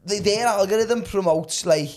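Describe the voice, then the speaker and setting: A man's voice: sits high, normal speed, darkish tone. A man hosting a comedy podcast, telling a rambling, sweary story. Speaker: podcast host. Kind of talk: casual comedy chat.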